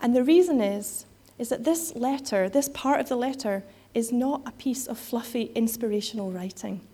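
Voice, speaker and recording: A woman's voice: on the high side, normal speed, dark tone. A woman giving a sermon in a conversational way, with frequent fillers and restarts. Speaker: preacher.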